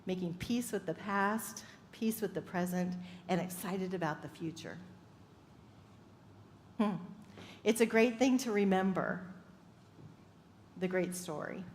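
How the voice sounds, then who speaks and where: A woman's voice: mid-range voice, unhurried, pauses often, darkish tone, slight background noise. A woman minister giving an upbeat sermon, telling stories and laughing often. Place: church sanctuary. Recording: echoey hall with faint ambience.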